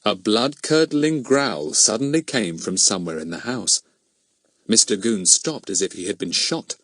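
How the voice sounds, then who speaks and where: A man reads a children's mystery audiobook aloud in an animated storytelling style. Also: fairly low pitch, normal speed, no echo. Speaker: audiobook narrator. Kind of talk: scripted narration.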